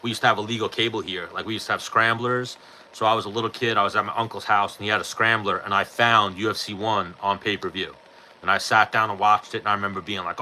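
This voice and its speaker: A man's voice: lowish voice, steady tone, quick pace, sharp tone, a little hiss or hum, rough recording. A man, hosting a podcast and answering chat questions in a blunt, profane, offhand way. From New York. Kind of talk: casual chat.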